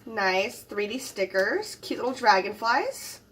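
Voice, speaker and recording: A woman hosting a crafting channel, narrating an unboxing in a casual, gushing way, admiring each item with soft exclamations. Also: on the high side, big pitch swings, unhurried, recorded from a distance.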